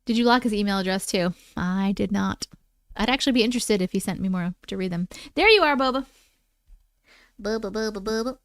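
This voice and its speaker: A woman's voice: mid-range voice, a little fast, smooth, no room sound, clean studio sound. A woman hosting a livestream, chatting casually with viewers and reading their stories aloud in a playful, chatty way that includes casual swearing. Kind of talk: casual live chat and story reading.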